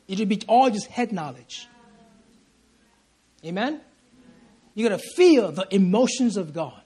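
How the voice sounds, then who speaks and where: A man's voice: high-pitched, a little mellow, breathy edge. A man preaching at a prayer meeting, emphatic and repeating his lines as he calls for "amen" from the listeners. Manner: stumbles and restarts phrases in bursts of feeling. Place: church service.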